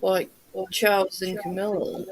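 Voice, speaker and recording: A woman's voice: mid-range voice, flat delivery, unhurried, a crowd in the background, low-quality recording. A woman with a New Zealand accent, hosting a casual livestream chat with viewers, blunt and swearing freely. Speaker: livestream host.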